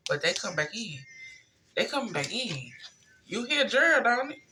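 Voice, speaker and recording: A woman giving a casual tarot reading, talking straight to her viewers in a relaxed, slangy way. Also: fairly high pitch, normal speed, a little hiss or hum. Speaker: tarot reader.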